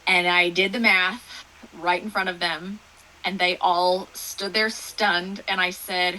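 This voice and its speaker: A woman from Texas with a Texan accent, telling stories in a rambling, animated way as a guest in a casual interview. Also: lowish voice, slow pace, slight background noise, poor audio. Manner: rambling, animated storytelling with fillers. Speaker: guest author.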